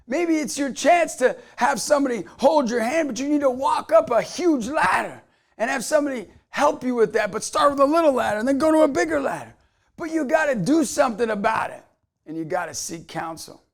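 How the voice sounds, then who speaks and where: A middle-aged man giving an emphatic, energetic motivational talk to camera and telling stories. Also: high voice, gravelly. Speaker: motivational speaker.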